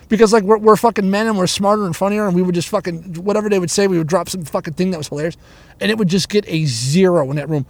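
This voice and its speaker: Man, high-pitched, profane rambling storyteller, recorded in a car on a handheld recorder. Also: dry recording. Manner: swears constantly, rants, restarts and digresses. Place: inside a car stuck in traffic.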